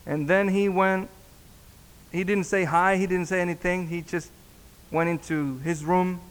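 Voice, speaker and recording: A man, a pastor, telling a story in a sermon, halting and repeating words as he acts out the dialogue. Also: high voice, steady tone, smooth. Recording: long reverb in a hall.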